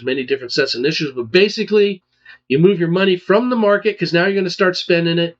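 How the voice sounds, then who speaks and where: A man with a slightly high voice walks through retirement figures as a financial advisor. He talks emphatically and keeps checking in with "okay?" and "all right?". The recording sounds muffled and lo-fi. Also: a bit bright. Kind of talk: explaining retirement charts. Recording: dull lo-fi sound.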